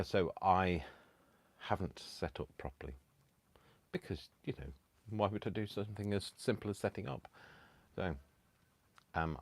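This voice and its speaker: A man's voice: sits low, no room sound. A man hosting a craft live stream from home, chatting casually with self-mocking, rambling asides. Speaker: craft channel host. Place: home, indoors.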